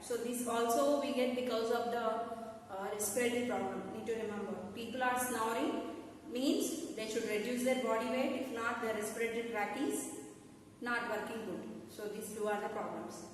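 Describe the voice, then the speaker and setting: A woman's voice: on the high side, a little hiss or hum. A woman with a Telugu-influenced Indian English accent teaching a school science lesson, repeating points and checking whether students understood. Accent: Indian English, Telugu-speaking. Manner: repetitive, checks understanding with questions. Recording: echoey room from far off.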